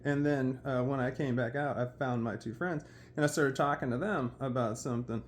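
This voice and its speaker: A man casually telling a personal story, animated and acting out what others said. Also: mid-range voice, normal speed, a little hiss or hum. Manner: animated, quotes others in dialogue.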